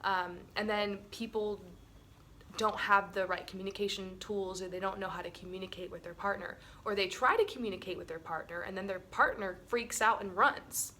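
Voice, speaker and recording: A woman co-hosts a relationship webinar with her partner, chatting casually, laughing often, and dropping plenty of "like" and "um". Her medium-pitched voice sounds pushed and bright, with fairly even intonation and a moderate pace, over a little hiss or hum.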